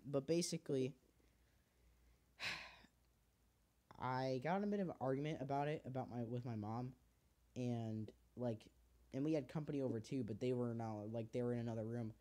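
A man's voice: mid-range voice, warm tone. A teenage man hosting a podcast, talking in casual, heartfelt rambles full of fillers and swearing. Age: teens. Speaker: podcast host. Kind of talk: casual chat.

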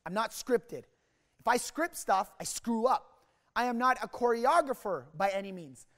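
A young man from Canada telling a motivational story at a sales rally, energetic and rambling, with many restarts. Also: very high-pitched, normal speed. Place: large hall at a sales rally. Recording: reverberant hall sound.

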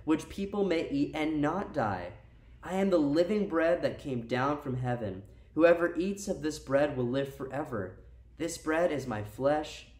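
Young guy youth pastor giving a chatty laid back sermon, kinda high voice, sounds a bit far from the mic in an echoey room. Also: darkish tone. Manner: casual, conversational preaching with slang and asides.

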